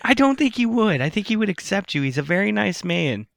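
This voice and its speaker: A man's voice: sits high, very animated, fairly quick, gravelly, fairly bright tone, no echo. A man co-hosting a comedy podcast, teasing and playful in casual chat. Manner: teasing, playful, often laughing. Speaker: podcast co-host.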